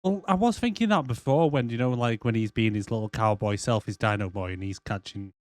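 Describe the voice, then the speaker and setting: A man's voice: fairly low pitch, fairly quick, no room sound. Sweary man on a dry podcast mic. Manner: sweary, acts out scenes in silly put-on voices. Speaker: podcast co-host. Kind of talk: casual movie review chat.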